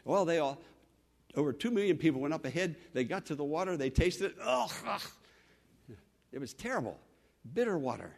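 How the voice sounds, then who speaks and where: A man, probably older, preaching a sermon with dramatic repetition and sudden swings between loud and soft. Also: medium pitch. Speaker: pastor.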